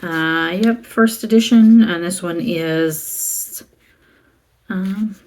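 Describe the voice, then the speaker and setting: A middle-aged woman from the American South talks through her book haul in an unhurried, rambling way. Her voice sits a little low, and she stops to read titles aloud and add asides. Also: darkish tone. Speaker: booktuber showing a used book haul. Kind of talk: casual chat.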